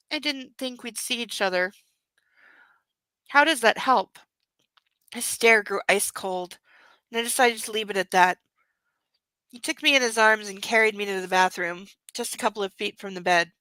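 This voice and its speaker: A woman's voice: mid-range voice, bright, forceful tone, clean tone, dry recording, poor audio. A woman hosting a book club, reading a novel aloud and breaking off for wry, exasperated asides.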